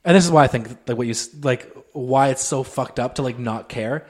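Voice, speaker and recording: A man's voice: mid-range voice, a little fast, darkish tone. A man co-hosting a podcast in casual chat, explaining his points earnestly at length and swearing casually. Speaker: podcast co-host.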